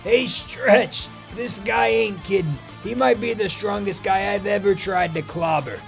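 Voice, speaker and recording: A man voicing a gruff, rock-skinned strongman with tough, slangy talk. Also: high voice, a little slow, faint music behind. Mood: eager.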